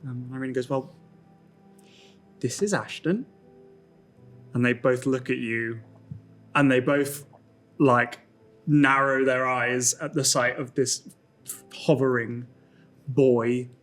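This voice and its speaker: A man's voice: medium pitch, little pitch movement, slow, pauses often, fairly bright tone, faint music behind. Casual man narrating a tabletop game. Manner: casual, filler-heavy narration. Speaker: game master.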